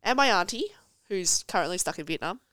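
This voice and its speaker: A woman's voice: lowish voice, lively intonation, a little fast, a bit bright, clean tone, no room sound, studio quality. A woman in her thirties, a podcast guest chatting casually and telling stories with laughter and expression. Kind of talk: casual chat.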